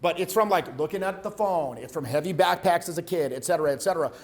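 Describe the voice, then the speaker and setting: A man teaches a room full of students, casual and profane, pushing his points in a bold, direct way. His voice sits a little higher than most men's. He talks like a coach, not a lecturer. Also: fast talker. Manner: blunt, profane, conversational. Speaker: voice and presence coach. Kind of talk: live workshop coaching.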